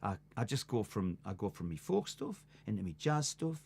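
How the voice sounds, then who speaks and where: A man's voice: on the low side, sing-song, moderate pace, vocal fry, darkish tone, husky. An older man, a musician hosting a live stream, telling rambling stories between songs and laughing at them. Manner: chatty, rambling, laughs at his own stories. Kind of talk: casual storytelling between songs.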